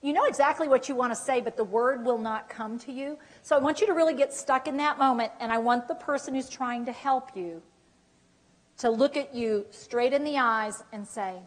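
A woman giving a dementia care training workshop, lively and animated, often acting out examples. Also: high-pitched, moderate pace. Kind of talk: workshop lecture.

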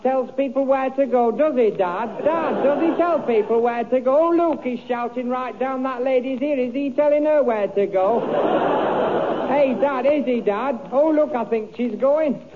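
A man's voice: very high voice, background noise, pitched above the performer's own voice. A man voicing a chattering little boy who keeps pestering his dad with questions. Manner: nagging, endless questions. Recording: tinny old broadcast with audience laughter.

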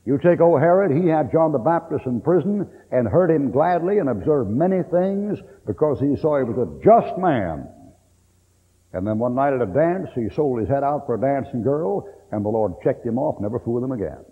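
A man's voice: medium pitch, animated, moderate pace, husky. A middle-aged man preaching a sermon in a blunt, folksy way, cracking jokes as he goes. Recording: old tape, tinny and echoey hall.

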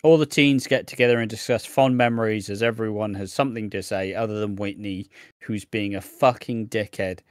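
A man's voice: lowish voice, fairly even intonation, a little fast, smooth, no echo, studio quality. A man co-hosting a podcast, chatting casually and recapping a soap in a sweary, exasperated, mocking way. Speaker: podcast co-host.

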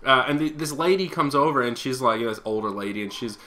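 A man's voice: mid-range voice, fast talker, bright, forceful tone. A young man co-hosting a casual talk show, rambling and repeating words as he starts his sentences. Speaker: podcast co-host. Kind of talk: casual chat.

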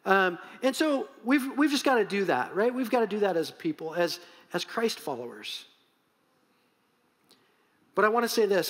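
High-voiced man preaching in a reverberant hall. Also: a little slow. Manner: conversational, animated preaching with many asides. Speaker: pastor. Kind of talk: sermon.

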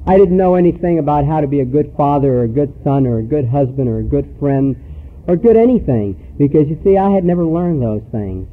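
A man giving a personal recovery talk to a meeting, telling stories earnestly with pauses. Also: fairly high pitch, animated. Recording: tinny phone-like recording.

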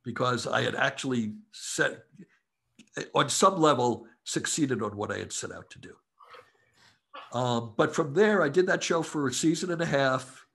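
A man, a comedy writer, telling relaxed anecdotes as a guest in an interview. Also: mid-range voice, measured pace, gravelly, slightly rough. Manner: relaxed anecdotal storyteller who acts out quotes. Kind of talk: casual storytelling interview.

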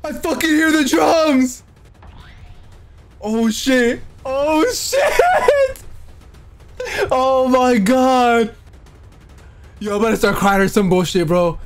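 A man hosting an anime reaction channel, giving live reaction commentary in excitable outbursts full of swearing and shouting. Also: extremely high pitch, unhurried, soft background music. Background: faint anime soundtrack playing.

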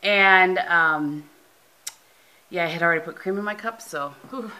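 A woman's voice: lowish voice, measured pace, sharp tone. A middle-aged woman from the United States, chatting casually in a home vlog with lots of ums, tired and sleepy, recorded on a camera mic. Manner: chatty, rambling, frequent ums. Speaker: vlogger.

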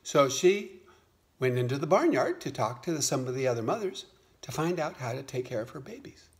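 A man telling a playful farmyard story to a child. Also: medium pitch. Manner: animated, playful, unhurried. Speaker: father telling a bedtime story.

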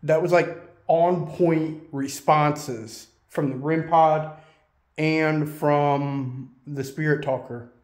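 A man's voice: a little high, fairly even intonation, slow, darkish tone. A man hosting a solo ghost-hunting vlog, casually calling out questions to spirits inside an old schoolhouse. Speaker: solo ghost hunter host. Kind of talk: paranormal investigation vlog. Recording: echoey room.

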